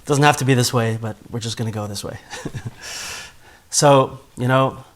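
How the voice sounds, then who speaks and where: A man's voice: medium pitch, moderate pace, slight background noise. A man giving a spoken Torah class in an earnest way, often repeating words as he builds a point. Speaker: Torah teacher.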